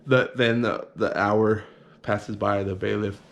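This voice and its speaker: A man's voice: fairly low pitch, steady tone, slow pace, gravelly, lo-fi sound. A young man telling a prison story casually, acting out punches sound effects and swearing freely.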